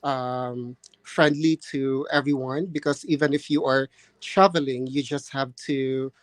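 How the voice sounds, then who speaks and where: A man's voice: mid-range voice, fairly even intonation, measured pace, dry recording. Hesitant man. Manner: hesitant, many fillers and restarts, polite. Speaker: nursing candidate practising for a speaking test. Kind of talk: mock exam answer and chat.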